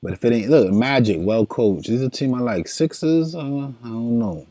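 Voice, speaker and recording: A man's voice: mid-range voice, lively intonation, normal speed, mellow, dry recording. A man, casually streaming while building fantasy basketball lineups, thinking aloud in loose slang and chatting with viewers. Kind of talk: casual livestream chat.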